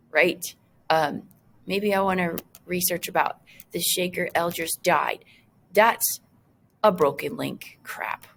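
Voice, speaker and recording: A woman teacher walks her class through an assignment on her screen, talking in a chatty, loose way with plenty of fillers and joking asides. Her voice sits at a middle pitch, recorded on a computer mic.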